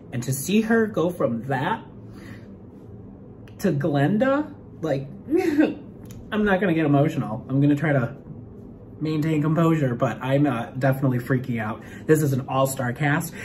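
A young man talking excitedly in a casual reaction vlog, stammering and fidgety, from a room while on a work trip, on a phone mic. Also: mid-range voice, slight background noise. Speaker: vlogger.

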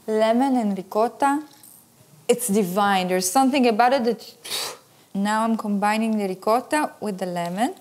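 A woman with a slightly high voice hosts a cooking show, walking through a recipe step by step. She sounds playful and enthusiastic, tossing in the odd Italian word as she cooks. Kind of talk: casual cooking demonstration.

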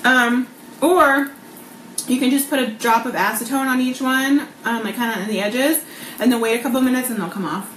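Chatty mom-vlogger lady, kinda high voice, cooking live in an echoey kitchen w noise behind. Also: moderate pace, a bit bright. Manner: chatty, bubbly, laughs often, lots of um and like. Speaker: cooking vlog host. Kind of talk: casual live cooking chat. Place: home kitchen.

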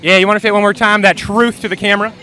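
A man with a high, bright voice plays a mock sports reporter, dropping goofy lines with a deadpan delivery. He is interviewing fans outdoors at a tailgate. Faint music plays somewhere in the background. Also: racing. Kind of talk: joking street interviews.

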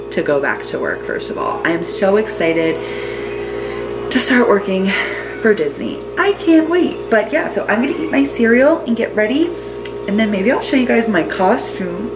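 A young woman in her twenties chatting excitedly to her phone camera in a casual vlog. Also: medium pitch. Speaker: vlogger.

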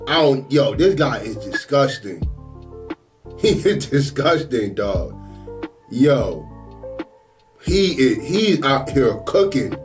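A man hosting a sports reaction video, exclaiming over football highlights in an excitable, slangy way. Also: takes it slowly, faint music behind.

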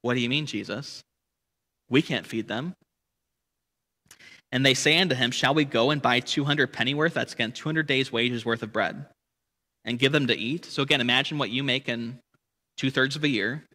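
A man's voice: mid-range voice, steady tone, fairly quick, sharp tone, in a large hall. A man leading a church Bible study lesson, explaining the text and asking rhetorical questions with frequent "right?". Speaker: Bible teacher.

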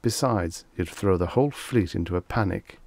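A deep-voiced man reading a stolid, bearded male gunner who answers bluntly and never rushes. The voice is low and gravelly, heard close and dry as in a quiet home studio. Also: no echo.

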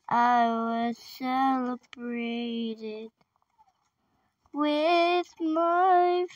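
A lonely little boy aching for his family's love, whispering and near tears in a high, slow voice, as a woman puts him on. It comes across dull and far from the mic, in a dry space. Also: no echo. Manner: soft, whispery and tearful. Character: unloved young boy, lonely and pleading. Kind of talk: acted storytelling. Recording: dull, distant recording.

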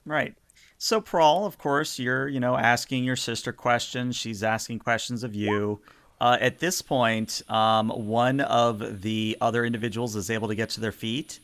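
A man's voice: medium pitch, fairly even intonation, unhurried, fairly bright tone, clear, resonant tone, no room sound. Man running a tabletop game. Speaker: game master. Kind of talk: narrating a tabletop game and voicing characters.

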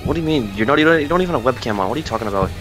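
A man's voice: medium pitch, animated, very fast, loud music behind the voice, poor audio. A man in casual gaming chat, teasing and trash-talking his friend. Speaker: gamer.

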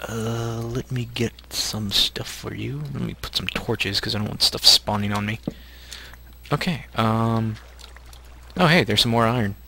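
A man's voice: lowish voice, measured pace, creaky, sharp tone, a little hiss or hum. A man hosting a co-op survival game, chatting casually and teasing his partner while he plays and thinks aloud. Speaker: host playing a co-op survival game. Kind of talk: casual gameplay chat.

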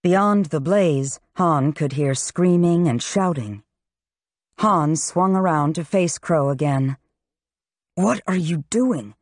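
A woman reading a fantasy novel aloud in steady, scripted narration. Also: sits low, slow pace, no echo, clean studio sound. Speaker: audiobook narrator.

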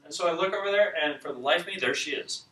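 A man hosting a ministry show, telling a story in an animated, excitable way and acting out the scenes. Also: fairly high pitch, fast. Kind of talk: storytelling teaching talk. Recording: echoey room, distant mic.

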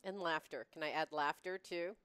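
A woman's voice: low-pitched, fairly even intonation, normal speed, fairly bright tone, smooth. A woman hosting a podcast in casual chat, upbeat and encouraging, laughing readily. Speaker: podcast host.

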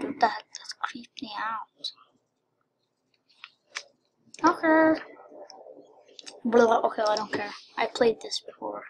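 High-voiced excitable woman commenting on a game. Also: slow pace, pauses often, noisy background. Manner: excitable, swings between whispered asides and squealing cheers. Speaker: gameplay commentator.

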